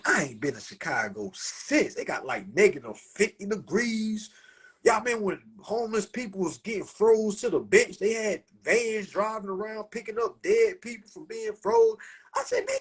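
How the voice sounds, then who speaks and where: A young man with a Southern accent tells a rambling story straight to his viewers over a phone live stream. His voice is husky and sits a little high, and it jumps up and down as he gets worked up. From South Carolina. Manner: animated, profane, talks to viewers as y'all. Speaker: livestream host. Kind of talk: casual storytelling on a livestream.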